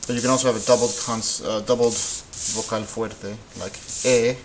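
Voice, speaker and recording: Guy with a lowish voice teaching spanish, thinks out loud, laid back and a little jokey, faint clicks behind. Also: steady tone, normal speed, background noise. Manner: thinks aloud while working through examples. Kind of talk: informal classroom explanation.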